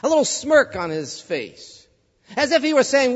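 A high-voiced male pastor preaching a sermon, telling a story with lively delivery and acting out the voices of its characters. The recording is dull and muffled, and a long hall reverb trails his words. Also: normal speed.

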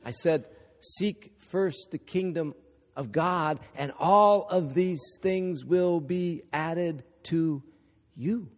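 A man voicing Jesus in a sermon story, speaking softly and tenderly. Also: fairly high pitch, drawn-out words. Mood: gentle. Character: gentle Jesus, calm man speaking kindly. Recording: echoey hall.

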